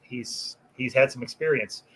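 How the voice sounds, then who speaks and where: A man, a butcher guest on a casual podcast, telling animated, profane workplace stories and laughing along with them. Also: mid-range voice, unhurried, poor audio. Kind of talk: casual storytelling chat.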